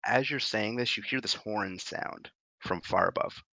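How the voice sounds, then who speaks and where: A man's voice: lowish voice, a little slow, vocal fry, sharp tone, dry recording, low-quality recording. A man narrating as game master of a tabletop game, describing the scene in detail with frequent fillers.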